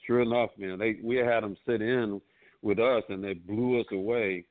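A male musician guest telling stories in an interview, animated, peppering his talk with "man" and "you know.". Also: lowish voice, moderate pace. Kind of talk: storytelling interview. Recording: tinny phone-like line.

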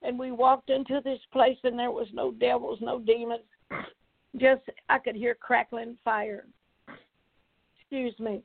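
A woman's voice: fairly high pitch, level tone, measured pace, no room sound. An older woman evangelist, recounting a vision and pleading earnestly with listeners. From Tennessee, USA. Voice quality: gravelly, husky. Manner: fervent, repetitive, earnest pleading. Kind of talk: preaching testimony. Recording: tinny phone-like line.

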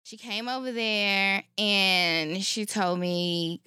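A woman's voice: mid-range voice, slow pace, clean tone, dry recording, studio quality. A woman co-hosting a podcast, chatting casually and acting out the people in her anecdotes. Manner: animated, acts out the people in her story. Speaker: podcast co-host. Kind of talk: casual chat, storytelling.

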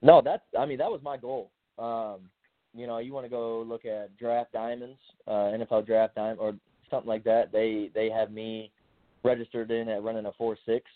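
A man's voice: medium pitch, little pitch movement, moderate pace, no echo. A young man, a college football player, answering interview questions in a laid-back way with many fillers. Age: young adult. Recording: dry tinny phone line.

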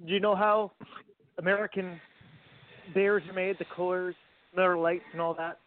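A man's voice: high-pitched, steady tone, normal speed. A man guesting on a wrestling radio show, joking in crude casual banter. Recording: tinny phone line with faint hiss.

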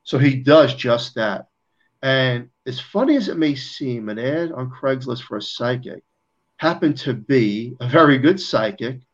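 Male guest, lively conversational storyteller who voices the people he quotes; slightly muffled lo-fi audio. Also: medium pitch, measured pace. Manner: animated, acts out quoted dialogue.

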